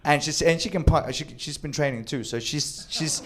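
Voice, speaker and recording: Animated male storyteller, slightly high voice. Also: normal speed. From Sweden. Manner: animated, acts out quoted lines, swears freely. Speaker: storyteller on a comedy show. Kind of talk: live comedic storytelling.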